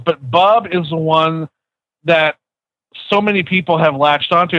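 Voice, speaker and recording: A man's voice: a little high, a bit bright, no echo. Emphatic man arguing on a podcast. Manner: emphatic, argumentative. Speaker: podcast panelist. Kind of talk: casual podcast chat. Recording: dull dry lo-fi sound.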